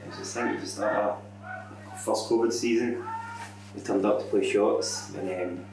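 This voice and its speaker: A man's voice: lowish voice, fairly even intonation, moderate pace. A man telling a swearing, laughing football anecdote in casual chat. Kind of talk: casual podcast storytelling. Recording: echoey room, distant mic, crowd noise.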